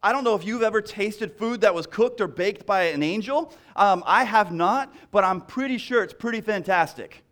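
A man preaching a sermon in an easy, conversational style, with a voice sitting a little above the usual pitch for men. He repeats key phrases for weight and restarts his sentences now and then as he talks to the congregation. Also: moderate pace, few pauses, fairly bright tone. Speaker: pastor.

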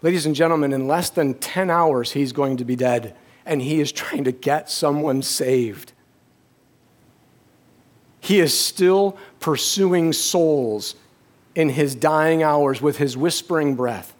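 Emotional male preacher, halting and hushed. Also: a little high. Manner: emotional storytelling, halting restarts, drops to a hush. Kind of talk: sermon.

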